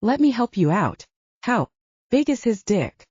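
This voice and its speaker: A woman's voice: fairly high pitch, big pitch swings, measured pace, a little mellow, slightly rough, no room sound, lo-fi sound, pitched above the performer's own voice, full character voice. A woman doing a brash teasing best friend. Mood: playful. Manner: blunt, bubbly, teasing.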